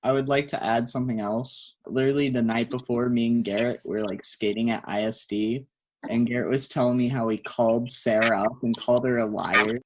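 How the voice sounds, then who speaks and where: Male guest, middle pitch, sheepish short remarks. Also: fairly even intonation, a little fast, rough recording.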